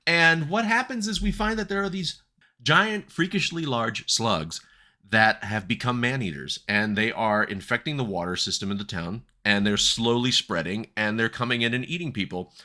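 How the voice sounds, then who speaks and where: A man hosting a casual film review chat, wry and quick to laugh. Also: medium pitch, pushed and bright. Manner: wry, laughs often, talks through a plot summary. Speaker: podcast host reviewing a film.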